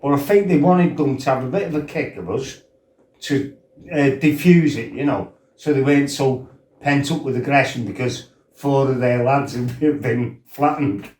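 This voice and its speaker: A middle-aged man tells his story in a loose, chatty way. He laughs and swears as he goes and acts out the other people's lines. His voice sits at an ordinary pitch and echoes in the room. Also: moderate pace, a little mellow. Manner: laughing, swearing, acting out quotes. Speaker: former fighter telling his life story. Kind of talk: casual storytelling.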